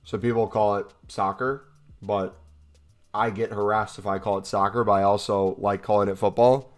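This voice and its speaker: A man's voice: fairly low pitch, flat delivery, normal speed, soft background music. A young American man casually chatting on a livestream, reading out and answering chat questions with jokes. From United States. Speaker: streamer reading live chat.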